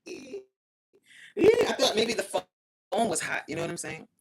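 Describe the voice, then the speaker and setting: A woman's voice: medium pitch, big pitch swings, moderate pace, heavy background noise. A woman hosting a casual phone livestream, reading viewer comments aloud and grumbling about the stream cutting out. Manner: chatty, reads viewer comments aloud, complains about glitches. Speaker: livestream host reading chat.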